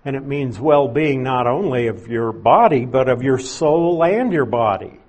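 A man's voice: mid-range voice, animated, unhurried, a little mellow. A man preaching an expository sermon, explaining verses plainly with conversational asides.

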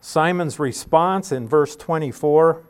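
A man's voice: on the high side, smooth. Man teaching a Bible passage. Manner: explanatory, careful, slows to stress key words.

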